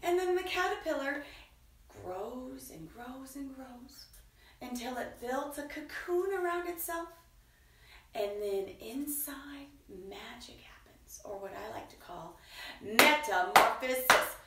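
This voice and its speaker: Children's storyteller, woman, high lively voice, unhurried, sing-song, roomy echo with the mic at a distance. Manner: playful, sing-song, drops to soft whispers. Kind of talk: reading a picture book aloud to children.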